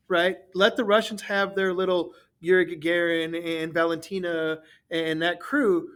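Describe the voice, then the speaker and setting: A man's voice: high voice, steady tone, measured pace, few pauses, a bit bright, smooth. A man who teaches history, co-hosting a podcast in casual chat and often repeating words as he thinks.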